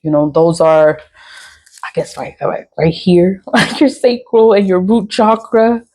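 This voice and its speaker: A woman's voice: fairly low pitch, fairly even intonation, measured pace, darkish tone, poor audio. A woman talking to camera in a casual rambling monologue, frank, swearing freely and laughing often. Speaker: spiritual vlogger.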